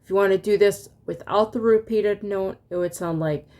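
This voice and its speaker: A woman's voice: medium pitch, normal speed, darkish tone. A woman teaching a casual online music lesson, singing solfege syllables and chatting with fillers and laughs.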